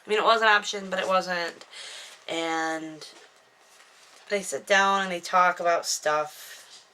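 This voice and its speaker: Rambling, self-mocking woman with a low, bright voice. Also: fairly even intonation, slow pace, clear, resonant tone. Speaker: author recapping her own book. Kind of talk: casual chatty book recap to camera. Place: at home indoors, dog nearby. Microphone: camera microphone.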